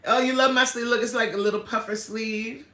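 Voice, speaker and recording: Woman, livestream host, animated slangy chat, bright forceful voice, roomy echo. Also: a little high. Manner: animated and chatty, laughs a lot, slangy street talk. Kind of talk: casual live chat, reading out viewer comments. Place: indoor room at home.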